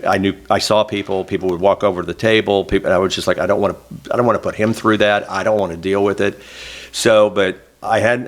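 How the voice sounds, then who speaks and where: A middle-aged man from Oklahoma, a guest in an oral history interview, telling a candid, emotional story and close to tears at times. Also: deep voice. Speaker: interview guest, former state senator.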